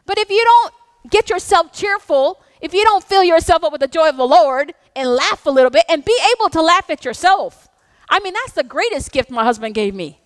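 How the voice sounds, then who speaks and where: A middle-aged woman pastor, preaching a sermon in an intense, animated way with playful asides. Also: very high voice, fairly quick, no echo. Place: church sanctuary.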